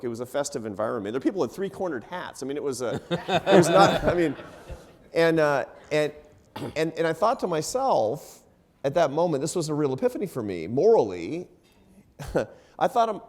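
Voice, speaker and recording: A man's voice: a little high, very animated, a little fast, a little mellow. A middle-aged man from the United States telling a story on stage to a live audience, with laughs and self-deprecating asides. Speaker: panelist. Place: event hall before a live audience.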